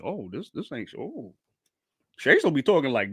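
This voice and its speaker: A man reacting to a comic chapter on stream, excited and slangy, often bursting into disbelief. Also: on the high side, measured pace, husky. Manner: animated, slangy, keeps shouting and laughing in disbelief.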